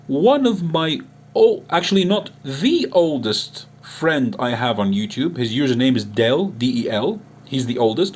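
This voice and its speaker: A man's voice: fairly high pitch, breathy edge. A man addressing a critic in an unscripted online monologue, earnest and emotional, often restarting his sentences. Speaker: online Islamic preacher and chat-room admin.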